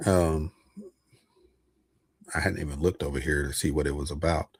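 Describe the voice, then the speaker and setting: A man with a very low, gravelly voice talks casually on a livestream about investing. His tone is husky and he chats loosely, with plenty of fillers and chuckles. The sound is close and dry. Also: steady tone, moderate pace, dry recording. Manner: loose and chatty, many fillers, chuckles often. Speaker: online host talking about investments.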